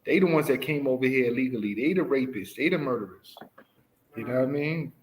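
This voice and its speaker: A man's voice: medium pitch, lively intonation, fast talker, slight background noise, rough recording. Emphatic man leading a scripture study. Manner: emphatic, keeps prompting reader with "right?". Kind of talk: casual Bible study teaching.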